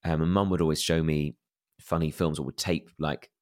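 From England, a man with a plummy, posh accent candidly tells personal stories as an interview guest, self-deprecating and full of fillers and restarts. He has a bass voice, steady and darkish in tone, at a moderate pace.

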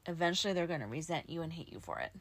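Fast-talking woman podcast co-host. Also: sits low, very animated, dry recording. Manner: talks fast, words tumbling, self-described as slurring. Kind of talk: casual chat. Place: walk-in closet with comforter and pillows.

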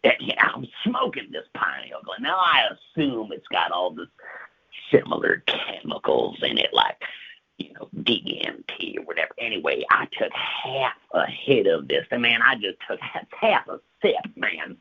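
A man spins a wild, profane comic tall tale, jumping between loud bursts and hushed whispers. His low voice is gravelly and husky, and his pitch swings all over the place. The sound is dull, lo-fi radio audio. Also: sing-song, moderate pace.

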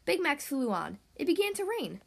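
A woman hosting a children's podcast, reading a storybook aloud in an expressive way. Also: high-pitched, normal speed, vocal fry. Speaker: podcast host and reader.

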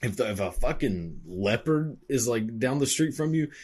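Husky-voiced man on an angry rant. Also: medium pitch, expressive, normal speed, a little mellow. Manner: angry, sarcastic, swears constantly, many "like" fillers. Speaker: commentator reacting to videos. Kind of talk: profane reaction rant.

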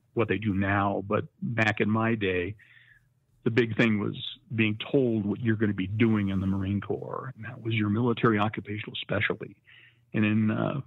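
A man's voice: fairly low pitch, no echo. A man in his seventies, a Marine veteran guest, telling his stories in a folksy way and laughing at them over a tinny line. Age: 70s. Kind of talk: casual storytelling interview. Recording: dry, tinny phone-like line.

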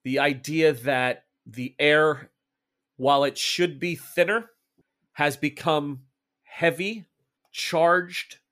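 Guy running a tabletop horror game, slow descriptive, bit high pitched. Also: fairly bright tone. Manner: slow, deliberate descriptive narration. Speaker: game master.

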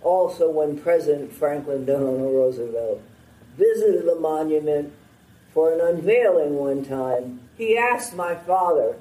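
An older man giving a formal, heartfelt prepared speech at a memorial ceremony, in a slow and measured way. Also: fairly high pitch, mellow, roomy sound, recorded from a distance, poor audio.

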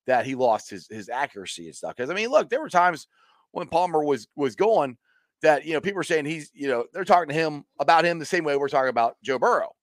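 A man hosting a casual sports chat who tells stories with lively quoted voices and laughs. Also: fast, no room sound, clean studio sound. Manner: animated storyteller, acts out quotes with high squeals and laughs. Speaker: podcast host.

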